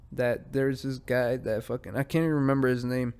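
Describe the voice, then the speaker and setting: A man's voice: medium pitch, steady tone, a little fast, darkish tone, clean tone. A man hosting a one-man podcast, ranting in profane, rambling bursts that drift off mid-thought. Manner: easily distracted, drifts off mid-sentence. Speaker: podcast host. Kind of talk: solo podcast chat.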